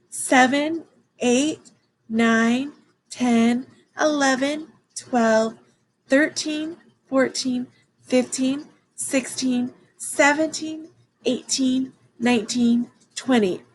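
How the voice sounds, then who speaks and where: A woman teaching a children's math lesson, excited and encouraging as she counts along with her class. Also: fairly high pitch, slight background noise, rough recording.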